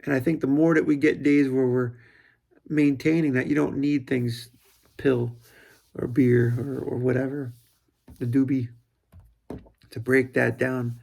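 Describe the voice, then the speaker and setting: A man's voice: mid-range voice, little pitch movement, unhurried, gravelly, pauses often, darkish tone. A middle-aged man in a casual, rambling reflective monologue, often breaking off and quoting his own thoughts aloud. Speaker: vlogger.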